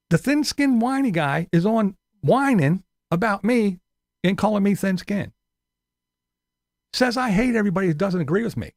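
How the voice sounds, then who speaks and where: A man rants to his viewers in a heated, profane voice that mocks as it goes. His pitch jumps around with a lot of life. The sound is dry and close, with no room around it. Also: no echo. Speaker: YouTuber. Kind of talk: angry rant to viewers.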